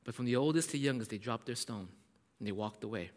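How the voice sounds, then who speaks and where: A male pastor preaching a sermon as animated storytelling. He checks in often with "right?" and suddenly drops his voice to a whisper. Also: medium pitch, fast talker. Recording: echoey hall.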